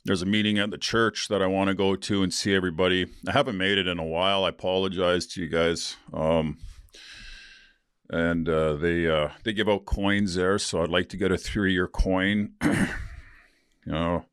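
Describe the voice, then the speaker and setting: A very deep-voiced man hosts a solo podcast in a loose, rambling monologue. He talks candidly and laughs his way through his stories. The recording is close and dry, with no room sound. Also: steady tone, moderate pace, a bit bright, clean tone, no room sound. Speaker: podcast host.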